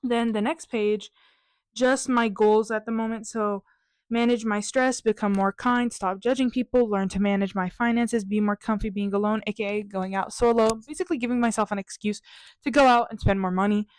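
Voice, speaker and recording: A woman's voice: mid-range voice, fairly even intonation, moderate pace, no echo. A young woman vlogger talking casually and upbeat through her journal pages, with a chatty, self-mocking manner.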